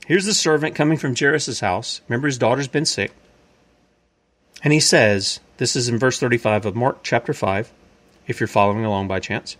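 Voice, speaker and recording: A man's voice: mid-range voice, moderate pace, fairly bright tone. A man giving an informal Bible-teaching sermon. He talks conversationally, repeats himself and asks and answers his own questions. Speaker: preacher.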